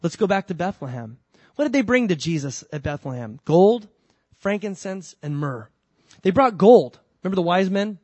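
Animated preacher man, conversational sermon. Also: high-pitched, moderate pace, breathy edge, no room sound. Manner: swings between loud emphasis and soft asides. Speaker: pastor.

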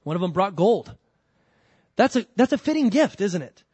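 A male pastor with a high, slightly rough voice delivers a sermon at normal speed in a dry recording with no room sound. His preaching is animated and conversational, shifting between loud emphasis and soft, often humorous asides.

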